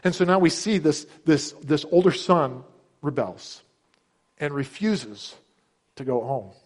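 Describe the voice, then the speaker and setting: A middle-aged male pastor delivering a sermon with a slightly higher-than-usual pitch. He speaks earnestly and emphatically, raising his voice to act out the characters' quoted words. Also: animated, measured pace, darkish tone.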